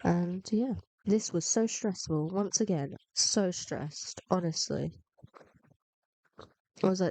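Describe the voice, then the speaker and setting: A woman's voice: lowish voice, slow pace, long pauses, dark tone, dry recording. A woman, feeling unwell with a cold, giving casual, rambling, self-mocking commentary over gameplay. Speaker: gaming video narrator.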